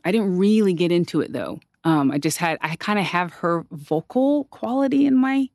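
A musician guest from North Carolina speaks casually and thoughtfully. The talk is halting, with frequent restarts and fillers. The recording is dry and close. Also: mid-range voice, animated, darkish tone, dry recording. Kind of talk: casual reflective interview talk.

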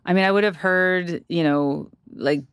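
A musician guest from North Carolina speaks casually and thoughtfully. The talk is halting, with frequent restarts and fillers. The recording is dry and close. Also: mid-range voice, fairly bright tone, smooth, dry recording. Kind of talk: casual reflective interview talk.

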